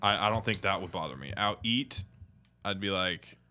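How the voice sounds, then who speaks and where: A man's voice: sits low, lively intonation, moderate pace, sharp tone, a little hiss or hum. A young man co-hosting a casual podcast chat over beers, joking around and slipping into silly put-on accents. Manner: jokey, slips into exaggerated put-on accents. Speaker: podcast co-host.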